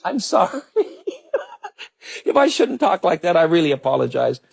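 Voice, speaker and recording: A middle-aged man hosting a cooking demonstration in a studio kitchen, his voice a little husky and somewhat high. He talks in a chatty, enthusiastic way and exclaims over the food. The sound is that of a 1980s television broadcast. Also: big pitch swings, brisk. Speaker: cooking show host.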